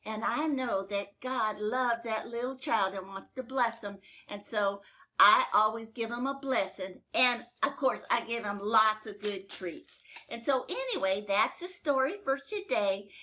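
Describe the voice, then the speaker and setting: An older woman spins a Bible story for little kids in a chatty, homespun way, leaning on fillers and little exclamations. Her voice sits high and bright, with a clear, forward ring. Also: measured pace. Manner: animated, exclaiming. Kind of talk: storytelling to children.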